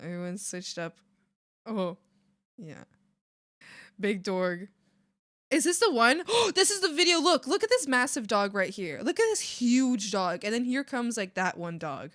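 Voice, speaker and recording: A woman live-streaming, chatting casually to her viewers in an excitable, rambling way. Her voice sits a little high and sounds bright, and it swoops around a lot as she talks. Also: unhurried. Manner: excitable, laughs often, rambling with many fillers. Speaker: art streamer.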